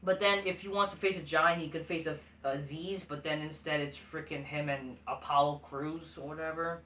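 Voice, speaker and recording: Bright-voiced man, blunt and profane. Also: on the high side, steady tone, moderate pace, recorded from a distance. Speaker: host. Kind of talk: casual wrestling recap. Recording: echoey room, voice set back from mic.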